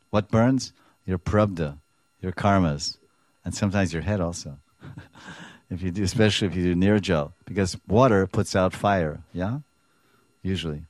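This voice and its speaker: A low-voiced man delivers an animated scripture commentary and keeps acting out bits of dialogue as he explains. His delivery is lively and storytelling. The recording is dry, with no room echo. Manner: animated storytelling, acts out dialogue, chuckles often. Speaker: spiritual teacher.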